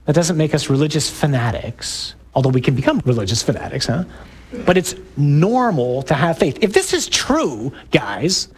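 A middle-aged priest giving an emphatic talk to a parish group, building up to loud exclamations. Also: male voice, fairly high pitch, big pitch swings, normal speed.

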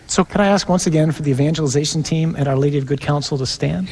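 A priest preaching to his parish with earnest, drawn-out emphatic pauses, then leading a prayer. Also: a little high, darkish tone, slightly rough. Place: large church. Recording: long church reverb.

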